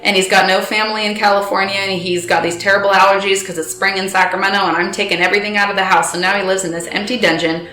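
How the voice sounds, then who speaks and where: A woman recounting a personal story in a quiet, reflective way, speaking as an interview guest. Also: medium pitch, fairly even intonation, fast, hardly any pauses. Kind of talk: casual storytelling. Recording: echoey room with faint music.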